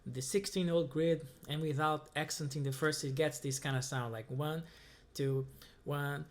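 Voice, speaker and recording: A man's voice: fairly high pitch, normal speed. A man who speaks as his gives a casual music lesson, counting beats aloud between guitar examples. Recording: guitar playing heard loudly.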